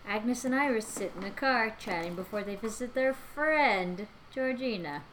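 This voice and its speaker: A woman co-host, giggly and animated, who chats casually and reads the stage directions of a comedy script. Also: fairly high pitch, moderate pace, slight background noise, poor audio. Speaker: podcast co-host reading directions. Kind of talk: casual chat and script reading.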